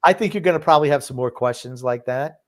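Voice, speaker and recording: An older man co-hosts a casual sports podcast and reads chat comments out loud. He jokes and teases the others in easygoing banter. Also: medium pitch, fast. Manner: teasing, joking, reads comments aloud. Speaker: co-host reading chat comments.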